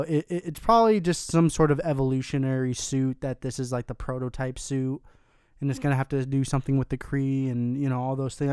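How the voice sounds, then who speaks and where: A male co-host with a mid-pitched, smooth, resonant voice. He rambles in a relaxed way and fills his talk with "you know" and "um". It is recorded dry, close to the mic. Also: dry recording. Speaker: podcast co-host. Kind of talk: casual chat.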